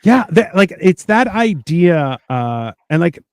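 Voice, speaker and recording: Blunt gravelly man telling stories. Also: sits high, sing-song, slow pace, a little mellow. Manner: blunt and crude; jokey, storytelling. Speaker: podcast co-host. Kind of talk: casual chat.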